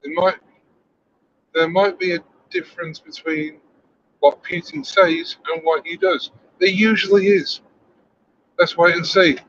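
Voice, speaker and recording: A man's voice: high voice, fairly even intonation, unhurried, long pauses, fairly bright tone. A man co-hosting a casual chat, making dry, wry remarks. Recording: dull lo-fi recording with faint noise.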